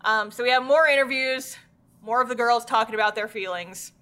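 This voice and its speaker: A woman with a bright, forceful voice, casually recapping an anime for a podcast. She talks a little higher than most women and swears freely. She acts out the characters' lines as she goes. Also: fairly quick. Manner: animated storyteller who acts out characters' lines. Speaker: podcast co-host.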